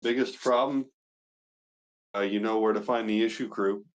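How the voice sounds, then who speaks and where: A man's voice: lowish voice, steady tone, moderate pace. A young man and father talking casually as a podcast guest, brash and boastful, swearing freely. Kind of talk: casual chat.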